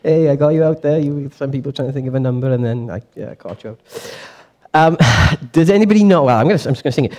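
A young man teaching a Bible passage to a church group in a casual, lively way, asking the audience questions and correcting himself as he goes. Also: fairly high pitch, quick pace. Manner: lively, chatty, quizzes the audience, self-correcting. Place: church meeting room.

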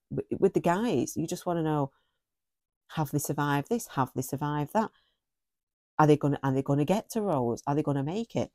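A woman's voice: sits low, dark tone, no room sound, studio quality. A middle-aged woman giving a casual, effusive book review, often repeating phrases for emphasis.

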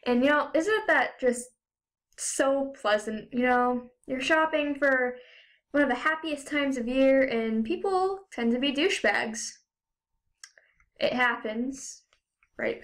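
Sarcastic high-voiced young woman ranting. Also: fairly bright tone. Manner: frequent fillers like "you know" and "like". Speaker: vlogger. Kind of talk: ranting casual vlog.

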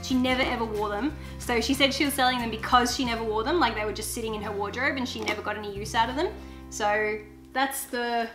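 Young woman vlogger, high and bright, gushing excitedly while unboxing, faint music underneath. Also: fast talker. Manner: gushing and excitable, squeals over items. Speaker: YouTuber. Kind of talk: casual unboxing vlog chat.

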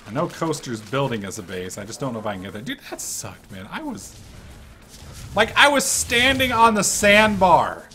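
A man giving casual commentary over his own gameplay, excitable and swearing freely. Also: mid-range voice, slight background noise. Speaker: let's-play gamer.

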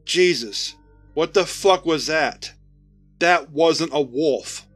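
A man's voice: on the high side, slow, breathy edge, dry recording, soft background music. A man voicing a shaken soldier who blurts out his shock. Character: shaken male soldier in a squad.

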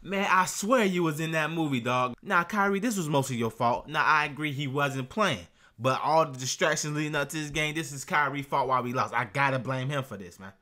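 A young man rants through a casual reaction vlog in a bright, forceful voice that sits a little high. He talks trash with brash slang and keeps tossing in bro and man. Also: brisk, few pauses. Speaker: YouTube reaction host.

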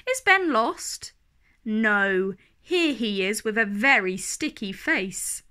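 A woman reading a picture book aloud for children, in a slow, clear, expressive way. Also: mid-range voice. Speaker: storyteller.

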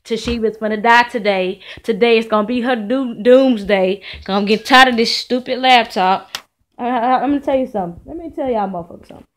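With a fairly high pitch and a fairly quick pace, a young woman vlogger furiously rants at the camera in front of her in her home studio. It's an angry, casual vent, constantly profane and repetitive, circling the same complaint over and over.

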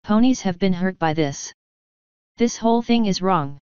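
A woman's voice: mid-range voice, expressive, moderate pace, darkish tone, clean tone, no echo, muffled recording, lightly acted. A woman voicing a young male pegasus pony soldier, earnest and accusing, in a storybook reading. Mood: indignant. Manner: accusing, indignant.

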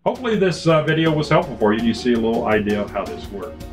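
Music plays behind a medium-pitched man who talks very fast with big pitch swings. As a product demo presenter, he gives a chatty, informal walkthrough of a conference audio setup, full of fillers and restarts, recorded by a ceiling beamforming array mic.

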